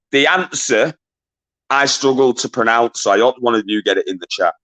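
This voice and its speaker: A man hosting a live-stream quiz, bantering with chat, giving quick shout-outs, swearing casually and laughing often. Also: medium pitch. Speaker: livestream quiz host.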